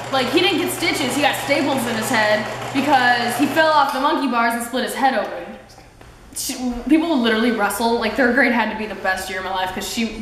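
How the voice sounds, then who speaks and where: A woman's voice: high-pitched, a bit bright. A teenage girl vlogging, chatty and rambling as she tells childhood stories and acts out quotes. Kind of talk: casual storytelling vlog. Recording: very echoey room with faint background noise. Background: sewing machine noise.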